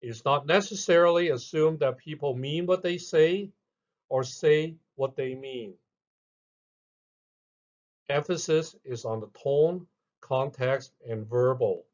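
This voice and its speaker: A man narrating a scripted lesson in a measured way, reading out each heading with emphasis. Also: mid-range voice, highs cut off. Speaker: instructor.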